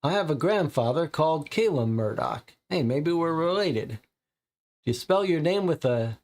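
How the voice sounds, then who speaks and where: A man's voice: on the high side, lively intonation, a little slow, a little mellow. A man voicing a blunt, impatient detective in a noir tabletop game. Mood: testy. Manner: testy, blunt.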